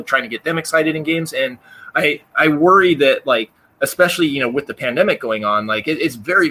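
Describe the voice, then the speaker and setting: A man's voice: fairly high pitch, bright, forceful tone, husky. A man, a game designer, talking as a guest in a casual interview in an earnest, thoughtful way with many ums.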